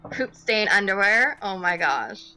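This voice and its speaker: A woman's voice: mid-range voice, sing-song, unhurried, sharp tone, soft background music. A woman livestreaming a game, giggling often and thanking and greeting viewers in casual chat. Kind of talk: casual live gameplay chat.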